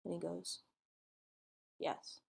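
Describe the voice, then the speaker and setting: A woman co-hosting a podcast, casually retelling a true-crime case and acting out its dialogue in informal speech. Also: very slow. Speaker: podcast co-host telling a case.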